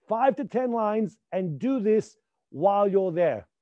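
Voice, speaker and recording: A man teaching a live acting class, emphatic and repetitive, sometimes dropping to a hushed voice to demonstrate. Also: high voice, lively intonation, slow, dry recording, phone-quality sound. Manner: emphatic, repeats points, drops to near whispers to demonstrate.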